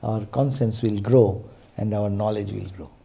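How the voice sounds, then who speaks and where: A man's voice: on the low side, steady tone, a little slow, gravelly, dark tone. A man giving a spiritual sermon, telling stories and checking in with rhetorical asides. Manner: storytelling, frequent rhetorical "eh?". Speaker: spiritual teacher.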